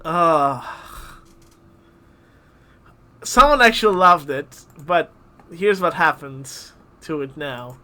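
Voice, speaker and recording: A man reads his own old fanfiction aloud on a live stream, stumbling through the lines and groaning at them. His voice is high for a man and sharply bright. He is halting and self-mocking throughout. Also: animated.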